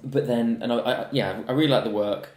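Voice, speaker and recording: A man's voice: mid-range voice, fairly even intonation, a little fast, a little mellow. A man telling rambling stories as a podcast guest, full of restarts and fillers. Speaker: guest, actor. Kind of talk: casual podcast chat. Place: indoor room. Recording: roomy echo.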